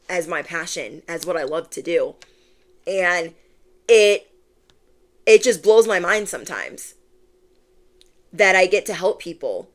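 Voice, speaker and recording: A woman's voice: mid-range voice, a bit bright. A young woman gives a tarot reading in a loose, chatty way. She rambles through encouragement, drops into little quoted asides and keeps saying "like" as she goes. Her voice sits in an ordinary middle range. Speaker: tarot reader. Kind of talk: casual spiritual reading to camera.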